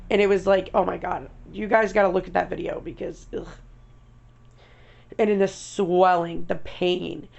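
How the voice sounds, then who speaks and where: Young woman vlogging, super gravelly, chatty and blunt, kinda muffled sound. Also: on the low side, little pitch movement, normal speed, a little mellow. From New York. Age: young adult. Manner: blunt, chatty, rambling with asides and mild swearing. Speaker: denture vlogger. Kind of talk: casual chat to camera.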